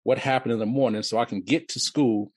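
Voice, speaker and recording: A man in his fifties, originally from Detroit, telling his life story as an interview guest in a halting way, often repeating and restarting words. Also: medium pitch, fairly even intonation, a little mellow, no echo. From Detroit, USA.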